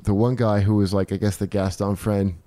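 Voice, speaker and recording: A man's voice: fairly low pitch, steady tone, fairly quick, dark tone. A man co-hosting a podcast, throwing profane joking asides into casual banter. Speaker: podcast co-host.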